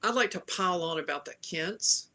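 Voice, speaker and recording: A woman's voice: lowish voice, animated, normal speed, pushed and bright. A woman from the American South, a panelist giving opinionated film criticism with wry asides in a casual chat.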